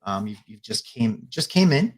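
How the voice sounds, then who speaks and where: A man's voice: fairly low pitch, big pitch swings, slightly rough. A man running a tabletop spy game as game master, narrating a party scene with frequent fillers and restarts. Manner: halting, many fillers and restarts.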